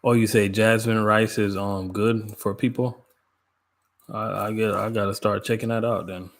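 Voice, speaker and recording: A man from Jamaica hosts a casual livestream in a low voice. He chats in relaxed slang, calls out viewers by name and laughs often. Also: moderate pace. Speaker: livestream host. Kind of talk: casual live chat with viewers.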